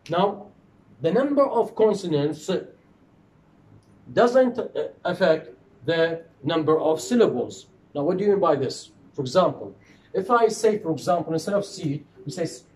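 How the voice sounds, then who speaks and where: Male lecturer, fairly high voice, repeats key terms, echoey room with faint hiss. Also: animated, unhurried, darkish tone. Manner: repetitive, asks questions and answers them. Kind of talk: phonetics lecture.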